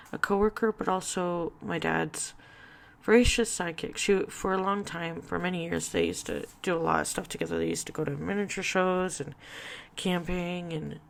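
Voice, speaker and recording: A woman speaking haltingly about grief in a personal vlog, with many fillers and restarts, close to tears. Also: sits low, gravelly. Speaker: vlogger.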